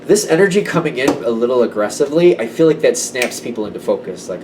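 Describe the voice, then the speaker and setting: A man reads tarot to the camera in a casual, conversational way, speaking emphatically and dropping into quoted voices now and then. His medium-pitched voice is expressive and brisk with few pauses, and he sits far from the mic against a noisy background.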